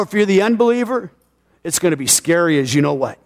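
A middle-aged man preaching a sermon with passion, swinging from loud declarations to quiet asides. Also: sits high, big pitch swings, a little fast, in a large hall. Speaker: pastor.

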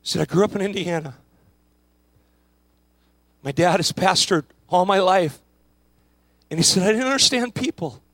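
A man doing a grieving young man whose voice drops low and soft. He speaks in halting, tearful bursts, with a close, dry sound. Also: steady tone, gravelly, dry recording. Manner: halting, quiet, breaking into short bursts.

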